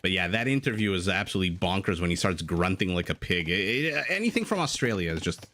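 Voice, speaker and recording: A man's voice: low voice, very animated, fast talker, pushed and bright, slight background noise. Chatty man casting a strategy game. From Canada. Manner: chatty, jokey, breaks off to answer chat. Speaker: game caster. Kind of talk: live esports commentary, reading chat.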